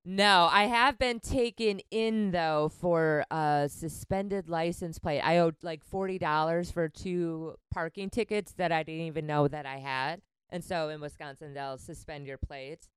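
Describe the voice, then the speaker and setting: A comedian guest in her late twenties tells a story casually on a podcast in a deep, unhurried voice with hardly any pauses. Her tone is clean, with no echo. She swears freely, laughs often and acts out the lines of the people involved.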